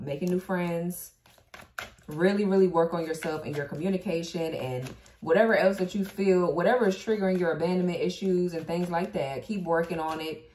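A tarot reader with a lowish voice does a casual reading in a reverberant space. She's blunt and profane, laughing and answering back to the cards as she turns them.

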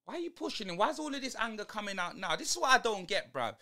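A man's voice: high voice, sing-song, fast, bright, forceful tone. A young man, ranting in slang through a live football watch-along stream. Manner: exasperated, slangy ranting at the match.

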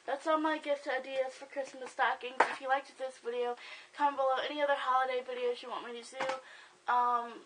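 A young woman talks through a casual vlog with a slightly high voice. She rambles loosely and fills her pauses with "um" and "like." Faint background noise sits under the recording. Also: flat delivery. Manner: chatty, rambling, lots of "um" and "like". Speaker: beauty vlogger. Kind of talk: casual gift-idea vlog.

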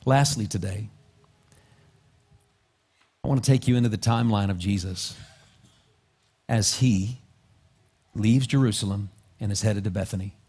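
A man's voice: fairly low pitch, a little slow, long pauses, husky. A male pastor preaching a sermon in a church, telling the story vividly and acting out its scenes. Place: church sanctuary. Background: soft music.

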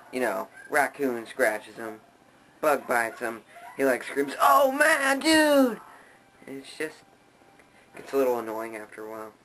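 A man's voice: mid-range voice, a bit bright, slight background noise, low-quality recording. A man hosting a casual joking vlog, rambling offhandedly. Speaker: vlogger.

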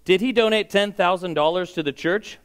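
A man voicing a formal tax agent questioning a priest by phone, in a smooth voice. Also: high-pitched, fairly quick, a bit bright, voice pushed up. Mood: businesslike.

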